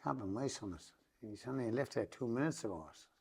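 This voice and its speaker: Animated and quick, his mid-range voice is gravelly, slightly rough, and a little mellow. The middle-aged podcast guest, who has an Irish Traveller accent, rambles through a long, emotional story while repeatedly swearing it really happened.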